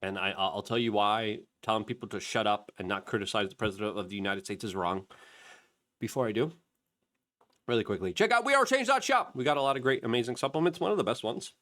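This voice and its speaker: A man's voice: on the low side, fast talker. A middle-aged man hosting an independent media channel, giving heated commentary and mocking the people he quotes. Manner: animated, mocking voices when quoting others. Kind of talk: commentary with a product plug.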